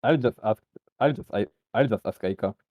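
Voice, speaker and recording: A man's voice: on the low side, normal speed, dark tone. A man chiming in on a casual game stream with short, joking replies. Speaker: co-commentator. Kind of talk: casual voice chat.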